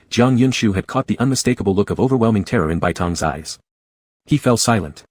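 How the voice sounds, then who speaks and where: Male narrator for a story read-through, low, husky, dry close sound. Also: animated, brisk, a little mellow, dry recording.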